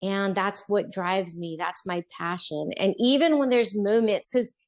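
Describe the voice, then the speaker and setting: A middle-aged woman speaks as a podcast guest, recounting her own hard times with earnest feeling. Her voice sits at an ordinary middle pitch. She slips into quoted lines from people as she tells it. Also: measured pace. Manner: earnest, heartfelt, acts out quoted speech. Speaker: podcast guest, business owner. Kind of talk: personal storytelling interview.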